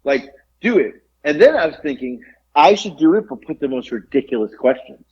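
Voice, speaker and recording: Husky man rambling on a podcast. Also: a little high, very animated, a little fast, darkish tone. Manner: rambling, many fillers and restarts. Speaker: podcast co-host. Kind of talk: casual chat. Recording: muffled lo-fi recording.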